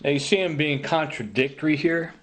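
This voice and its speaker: A man's voice: on the high side, brisk, heavy background noise. A man in a ranting vlog monologue, agitated and accusing, repeating his points. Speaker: vlogger.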